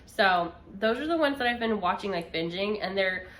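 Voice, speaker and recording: A woman's voice: medium pitch, expressive, normal speed, fairly bright tone. A young woman co-hosting a podcast, chatting casually about knitting in a rambling way. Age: young adult. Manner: chatty, rambling, laughs often. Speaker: podcast co-host. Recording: echoey room.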